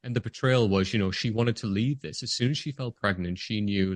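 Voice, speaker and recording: A man's voice: lowish voice, a little fast, hardly any pauses, dry recording. Enthusiastic man gushing about a film. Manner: enthusiastic, gushing, acts out quotes. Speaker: podcast co-host. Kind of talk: casual movie review chat.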